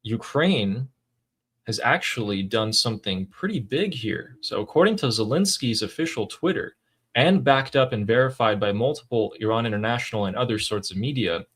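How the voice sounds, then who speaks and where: A man's voice: mid-range voice, lively intonation, normal speed, fairly bright tone, breathy edge. A man co-hosting a political commentary show, explaining the news in a casual, emphatic way.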